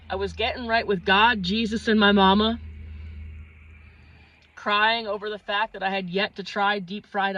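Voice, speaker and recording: Woman from pennsylvania telling a raunchy funny story, big exaggerated delivery, mid pitch. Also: no room sound, highs cut off. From northeastern Pennsylvania. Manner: animated, crude, exaggerated delivery. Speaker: comedian. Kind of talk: comic storytelling.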